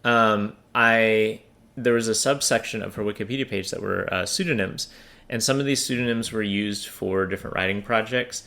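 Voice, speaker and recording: A man talks through a book discussion in a low, gravelly voice. He hesitates often, circling back with fillers and restarts as he chats with his co-host. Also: moderate pace, bright, forceful tone. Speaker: podcast co-host. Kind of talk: casual book podcast chat.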